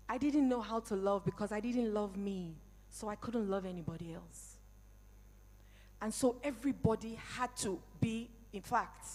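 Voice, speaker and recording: A woman's voice: medium pitch, darkish tone, in a large hall. A woman in her forties or older giving a personal, emphatic motivational talk, speaking straight to a live audience. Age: 40s or older. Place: event hall.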